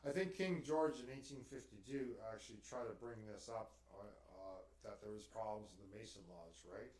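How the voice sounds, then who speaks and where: A man's voice: lowish voice, normal speed, a little mellow. A man chatting casually as a guest about spiritual ideas. He rambles and keeps tagging his sentences with "right?". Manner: rambling, tags lines with "right?". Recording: roomy, distant mic.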